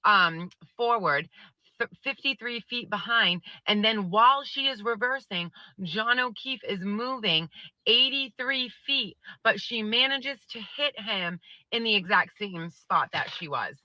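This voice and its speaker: A woman's voice: fairly high pitch, lively intonation, unhurried, bright, forceful tone, no echo, poor audio. A woman giving a sarcastic, profane rant about a trial day, sounding fed up. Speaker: social media commentator. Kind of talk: ranting trial commentary.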